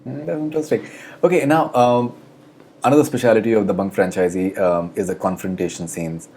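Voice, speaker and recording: Low-voiced male interviewer. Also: steady tone, brisk, darkish tone. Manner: short prompts and questions, with fillers like um and uh. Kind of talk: interview questions.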